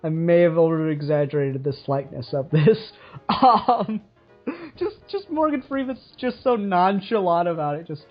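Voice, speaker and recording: Fairly high-voiced young man gushing about films. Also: animated, moderate pace, highs cut off, soft background music. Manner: enthusiastic, laughing, many fillers. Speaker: podcast co-host. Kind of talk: casual film review chat.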